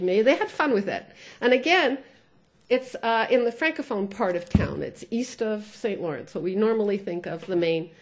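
A woman giving a conference lecture as a sociolinguist, thoughtful, often pausing with "uh" and slipping between English and French. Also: mid-range voice.

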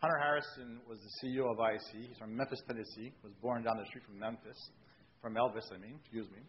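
A man's voice: mid-range voice, fairly even intonation, quick pace, dull audio, a little hiss or hum. A man, a railway executive, telling jokey anecdotes on a discussion panel.

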